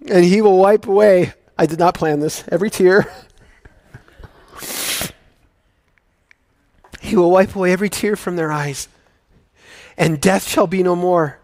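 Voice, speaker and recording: Emotional preacher, man. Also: a little high. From United States. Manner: emotional, swinging from loud excitement to hushed intimacy. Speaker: pastor. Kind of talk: sermon. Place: church sanctuary.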